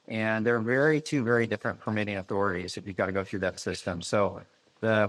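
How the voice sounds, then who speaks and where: A man speaking on a panel in a measured way, with frequent "you know" fillers. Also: on the low side, a bit bright, poor audio. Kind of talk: panel discussion.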